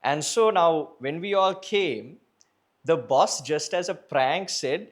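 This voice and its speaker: A man's voice: on the high side, expressive, takes it slowly. A man from Sri Lanka, hosting an interview podcast, telling stories in a chatty manner and laughing a lot. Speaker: podcast host and English trainer. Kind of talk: casual conversational interview.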